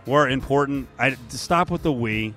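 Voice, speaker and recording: A man's voice: medium pitch, normal speed, a bit bright. Man, sports radio host, casual betting talk, dry sarcastic banter, faint music underneath.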